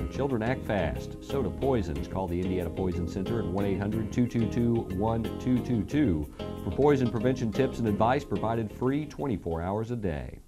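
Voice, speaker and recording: A man reading local news headlines as the anchor of a studio newscast. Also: medium pitch. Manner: brisk scripted headline delivery. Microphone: studio mic.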